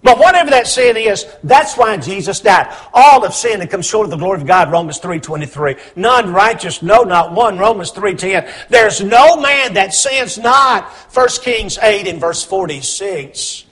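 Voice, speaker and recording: A man preaching a sermon, swinging between hushed, low lines and loud, emphatic questions. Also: lively intonation, moderate pace, few pauses, slightly rough.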